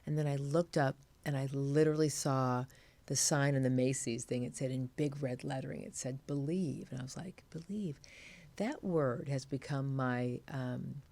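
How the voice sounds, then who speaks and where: A woman's voice: extremely low pitch, normal speed. A middle-aged woman being interviewed, telling stories with energy and acting out what others said. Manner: animated storyteller, acts out quotes. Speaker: interview guest. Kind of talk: casual interview chat.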